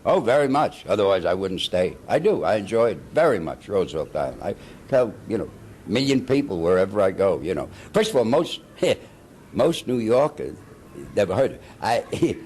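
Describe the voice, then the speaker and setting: An older man with a lowish voice tells his stories with lively, swooping intonation. He chuckles as he goes and slips into the voices of the people he quotes, like a veteran actor reminiscing in an interview. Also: normal speed, a little hiss or hum. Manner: animated, chuckling storyteller who acts out the people he quotes. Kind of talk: anecdotal storytelling.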